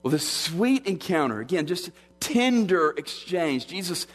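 A pastor preaching an expository sermon, measured and earnest, often restarting his phrases. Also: a little high, big pitch swings. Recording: long hall reverb.

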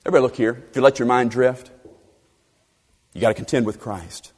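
A man preaching an expository sermon, emphatic and animated, repeating phrases for stress. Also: medium pitch, a little fast. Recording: long reverb of a large hall.

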